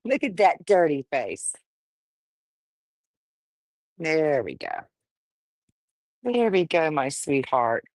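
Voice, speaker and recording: A woman's voice: deep voice, big pitch swings, slow pace, long pauses, darkish tone, no echo. A woman breeding dogs, casually livestreaming while she firmly coaxes a wriggling puppy, talking in a folksy way. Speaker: dog breeder.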